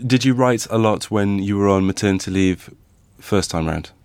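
Hesitant, dry-humored man with a low voice. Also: moderate pace, darkish tone, no echo. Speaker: podcast host. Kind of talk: casual chat.

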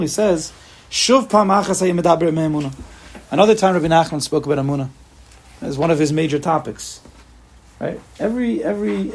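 A man with a somewhat high, gravelly voice teaches a Torah class in a relaxed spoken way. His husky tone carries through frequent restarts and rhetorical questions, with Hebrew terms mixed into his talk.

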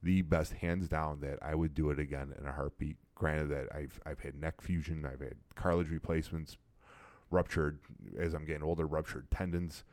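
A man in his forties from the Chicago area, casually reminiscing about his college football days with an old teammate, animated and repeating phrases as he tells stories. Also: a bass voice, normal speed, dry recording. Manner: animated storyteller, repeats phrases, many restarts. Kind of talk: casual chat.

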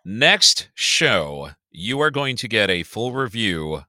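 A middle-aged man co-hosting a podcast in casual chat, animated and swearing freely. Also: slow pace, few pauses, dry recording, clean studio sound. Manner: animated, swears freely, lively swings in pitch. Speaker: podcast co-host.

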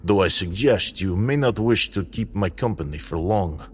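A man voicing a sad, weary old male wanderer who speaks haltingly and drops small words. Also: sits low, lively intonation, faint music behind. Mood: sorrowful. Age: older.

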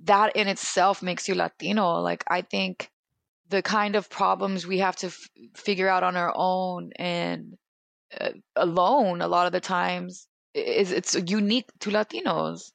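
A young adult woman from California speaks as an interview guest, open and emphatic, often leaning on "like". Her voice carries a gravelly fry. The sound is dry and close, with little room in it. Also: on the low side, a little slow, no room sound. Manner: animated and emphatic, heavy use of "like". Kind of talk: candid personal conversation.

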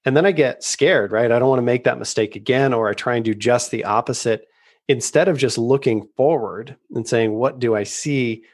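A man's voice: mid-range voice, normal speed, dry recording, clean studio sound. A man hosting an interview, chatty and affirming, asking his guest rambling questions. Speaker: host. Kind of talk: casual interview.

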